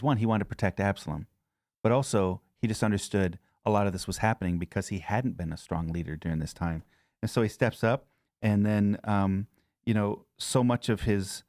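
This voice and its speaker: A man's voice: lowish voice, fairly quick, a little mellow, no echo, clean studio sound. A man, a church pastor, reading a Bible passage aloud and then talking it over casually with a co-host. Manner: reads aloud then chats conversationally. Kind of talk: scripture reading and discussion.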